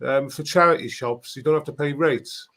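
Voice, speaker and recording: A male host in a casual chat, his voice sitting a little high. He talks easily, pausing and restarting as he gathers his point. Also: a bit bright. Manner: easygoing, hesitant, with fillers and restarts.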